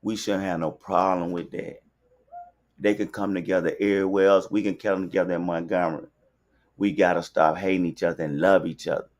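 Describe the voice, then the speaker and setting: Deep-voiced Southern man from Alabama, podcast host, rambling and preachy. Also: little pitch movement, a little fast. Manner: loose, repetitive, preachy street talk. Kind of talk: casual livestream monologue. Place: podcast studio.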